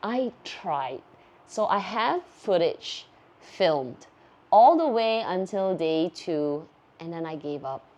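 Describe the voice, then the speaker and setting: A woman, a YouTube host chatting casually through viewer questions in a bubbly, giggly, excitable way. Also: on the low side, takes it slowly, lo-fi sound. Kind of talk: casual Q&A chat.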